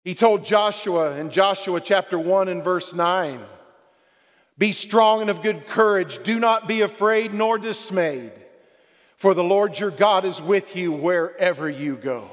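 A man preaching a sermon as pastor, emphatic and building to shouted passages. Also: high-pitched, measured pace, in a large hall.

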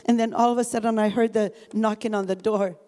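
An older woman tells her testimony in an earnest, halting way, leaning often on small filler words. Her voice is mellow and warm. It rings out with long reverb, as in a large hall. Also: a little high, fairly even intonation. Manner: earnest, halting, with frequent "you know" fillers. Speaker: guest speaker giving testimony. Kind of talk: spoken personal testimony.

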